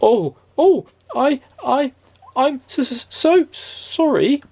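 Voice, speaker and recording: A man's voice: very high voice, huge pitch swings, measured pace, dry recording, pitched above the performer's own voice, heavily acted. A man doing a timid, stammering kind little man. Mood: nervous stammer. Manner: stammering, nervous.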